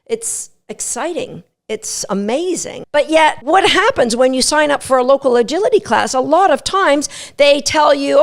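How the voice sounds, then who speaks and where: A high-pitched woman with a gravelly edge teaches dog agility on a podcast. She speaks in an animated, emphatic and playful way, leaning hard on her key points. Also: normal speed. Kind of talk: instructional podcast talk.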